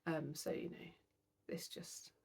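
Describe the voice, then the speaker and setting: A woman's voice: slow pace, a little mellow. A tired young British woman vlogging about her cross-stitch, chatty and self-deprecating. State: tired, yawning. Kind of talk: casual chat to camera.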